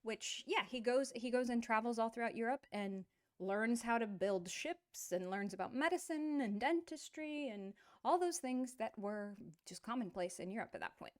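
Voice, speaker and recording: Middle-aged lady teacher, bit high voice, playful chatty explaining, jokes to herself. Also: no room sound, clean studio sound. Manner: playful, animated explaining with quick asides. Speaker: language teacher. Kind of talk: online language lesson.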